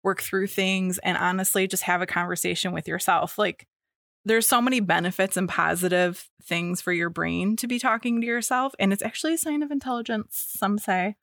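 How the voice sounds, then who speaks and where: A woman's voice: mid-range voice, steady tone, normal speed, creaky, fairly bright tone, no echo, studio quality. A young woman co-hosting a podcast, chatting casually with plenty of fillers and restarts. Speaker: podcast co-host. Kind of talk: casual chat.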